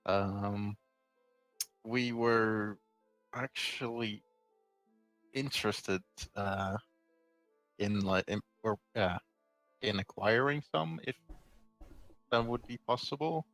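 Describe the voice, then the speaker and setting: A man's voice: fairly low pitch, takes it slowly, long pauses, fairly bright tone, dry recording, faint music behind, low-quality recording. A man playing a tabletop game, speaking in a hesitant, stumbling way with many fillers. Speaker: player. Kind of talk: in-character tabletop chat.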